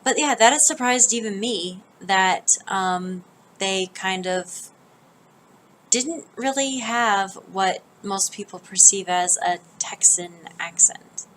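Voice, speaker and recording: A woman's voice: medium pitch, takes it slowly, fairly bright tone, slight background noise, poor audio. A woman with a General American accent, from the northern United States, telling a rambling, casual story for her vlog with plenty of ums and restarts. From northern United States, near Canada. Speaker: vlogger.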